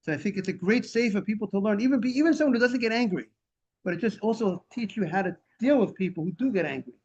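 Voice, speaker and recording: A man's voice: high-pitched, fast talker, husky. A man teaching a Talmud class over a video call, animatedly explaining and translating Hebrew and Aramaic phrases. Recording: dull lo-fi video call audio.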